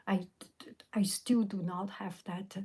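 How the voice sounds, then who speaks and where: A middle-aged woman with a Chinese accent talks in a soft, breathy whisper. She speaks very slowly and reflectively while answering a live chat. She is outdoors in a park. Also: mid-range voice, steady tone. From China. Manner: soft, slow, reflective, answers viewer questions. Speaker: livestream host answering chat.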